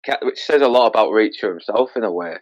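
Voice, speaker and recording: A man's voice: lowish voice, quick pace, no echo. A man from Hull with a Yorkshire accent chatting easily about a TV show, thinking aloud with small hesitations. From Hull, England. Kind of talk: casual chat. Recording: dull lo-fi audio.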